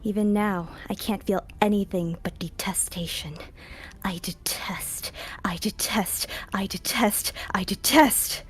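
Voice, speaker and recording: A woman's voice: medium pitch, fairly even intonation, a little slow, natural voice. A woman voicing a vengeful woman consumed by hatred, in a hissing whispered role-play that swells into rage over faint music. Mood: hateful.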